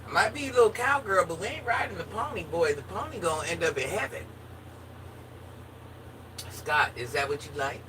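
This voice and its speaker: A woman's voice: lowish voice, animated, normal speed, long pauses. A woman chatting casually with her viewers in a playful, joking manner. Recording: distant mic with faint background noise.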